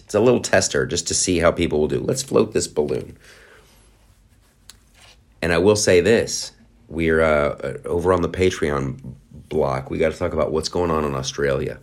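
A low-pitched man hosting his podcast, talking in a loose, sarcastic commentary style. He riffs quickly and slips into mocking voices. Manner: sarcastic, rapid riffing with mock voices. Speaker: podcast host. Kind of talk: casual political commentary.

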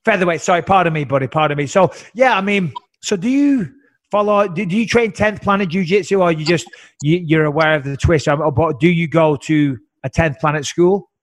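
A man's voice: fairly high pitch, brisk, dry recording. A man hosting a podcast, chatty, rambling and profane in a casual interview. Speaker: podcast host.

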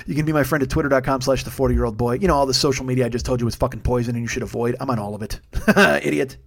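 A comedian in his forties hosts his own podcast, delivering a long solo comedic rant packed with constant swearing. His medium-pitched voice keeps a fairly even intonation, but the fast, profane tirade breaks into sudden surges of intensity.

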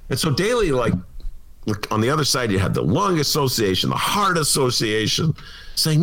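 A male political talk host with a fairly high voice that leaps all over the place. He talks in an animated, sarcastic way, tossing jokey asides into his commentary. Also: a little fast.

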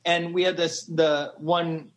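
A man in his thirties tells a story as a podcast guest, fairly high-voiced and full of animated, gushing energy. He acts out the lines of the people in his story as he goes. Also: slow. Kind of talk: casual storytelling chat.

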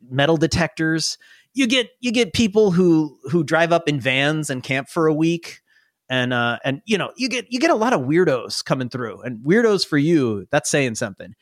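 Animated male game master. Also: a little high, dry recording. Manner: animated, chuckling narration. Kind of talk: narrating a tabletop game.

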